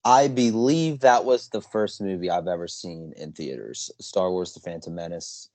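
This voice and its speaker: A young man with a fairly low voice chats casually on a podcast. He sounds relaxed and uses slang. The recording is dry and close. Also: moderate pace, dry recording. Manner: laid-back, inquisitive, slangy. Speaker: podcast co-host. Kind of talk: casual chat.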